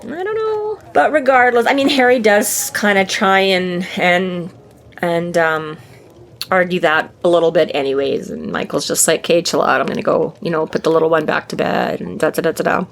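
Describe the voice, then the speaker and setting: A woman's voice: lowish voice, normal speed, creaky. A woman co-hosting a book podcast in casual chat, swearing freely and acting out the characters' lines. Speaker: podcast co-host.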